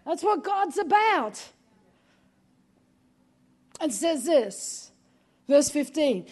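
Woman pastor, very high voice, emphatic sermon delivery, repeats "come on". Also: sing-song, drawn-out words, pauses often, darkish tone. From Australia. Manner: emphatic, repeats "come on", often raises her voice.

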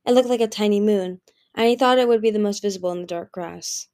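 A woman narrating a fantasy novel as an audiobook, steady storytelling with occasional restarts. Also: medium pitch, quick pace.

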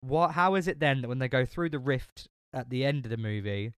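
Casual podcast co-host: man, smooth clear voice, dry close sound, rambling and sweary. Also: mid-range voice, lively intonation, brisk, fairly bright tone, no echo. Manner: chatty, swears a lot, many fillers and restarts. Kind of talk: casual film chat.

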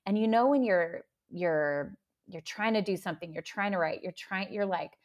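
Animated woman author telling a personal story. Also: medium pitch, moderate pace. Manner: animated, emotional storytelling with laughter. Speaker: author and pastor, guest. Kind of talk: candid storytelling in an interview.

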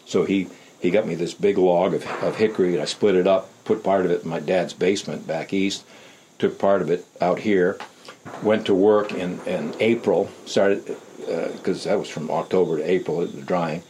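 An older man being interviewed, telling rambling, unhurried anecdotes and acting out the voices of people he quotes. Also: low voice, steady tone, mellow, slight background noise, rough recording. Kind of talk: casual anecdotal storytelling.

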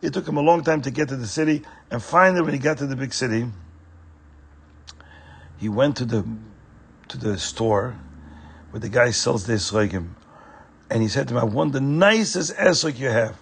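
A man telling a story to children in an animated way, at times turning to speak to the listeners directly. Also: mid-range voice, normal speed, long pauses, husky.

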